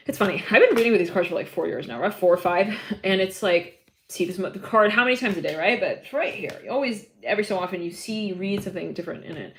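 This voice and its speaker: A woman's voice: medium pitch, fast talker, a bit bright, slight background noise. Giggly rambling woman tarot reader. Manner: chatty, giggly, rambling with many fillers. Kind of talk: live tarot reading stream.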